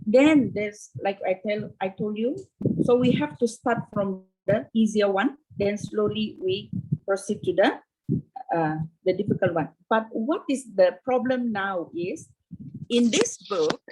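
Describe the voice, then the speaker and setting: Malaysian english teacher lady, 50s, kinda husky voice, keeps saying okay, video call. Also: mid-range voice, darkish tone, rough recording. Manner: repetitive, checks in with "okay". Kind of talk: casual interview answers.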